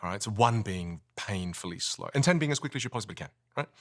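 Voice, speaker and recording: A man coaching speaking skills in a podcast studio, animated and melodic, swooping between high and low. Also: fast. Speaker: communication coach.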